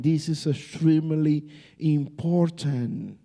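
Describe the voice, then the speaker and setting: A man's voice: mid-range voice, mellow. A man speaking at a church family seminar alongside his wife, joking with her affectionately. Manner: slow, affectionate banter.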